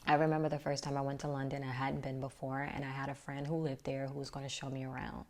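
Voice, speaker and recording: A woman's voice: a bass voice, completely flat delivery, fast talker, a little mellow. A woman vlogger telling a personal story in a reflective way, often dropping to a near-whisper.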